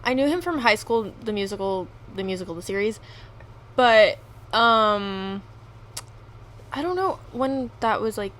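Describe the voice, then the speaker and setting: A young adult woman co-hosting a podcast, telling a story in animated, casual talk full of slang. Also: medium pitch, measured pace, pauses often, a little hiss or hum. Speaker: podcast co-host. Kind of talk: casual chat.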